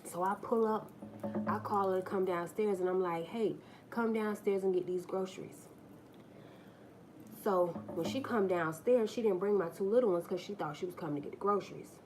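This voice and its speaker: Over music, a woman of medium pitch talks a little fast while hosting a casual livestream on a phone mic. She tells stories straight to her viewers, blunt and profane, acting out the people involved.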